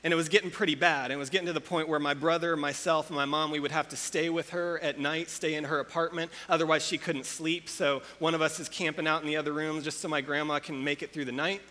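A man's voice: fairly high pitch, fairly even intonation, fast, few pauses, sharp tone. A man preaching a sermon, telling a personal story and acting out the voices of the people in it. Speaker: pastor. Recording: long hall reverb.

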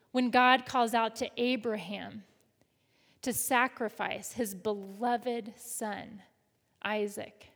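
A woman's voice: mid-range voice, creaky. A woman pastor preaching a sermon in a conversational way, leading the congregation in call and response. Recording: reverberant hall.

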